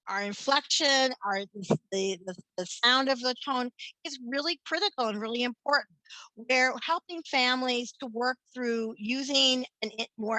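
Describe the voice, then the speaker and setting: A woman's voice: on the high side, pushed and bright, dry recording, rough recording. A woman family therapist giving a workshop talk, earnest and explanatory, often restarting and repeating words as she works through ideas.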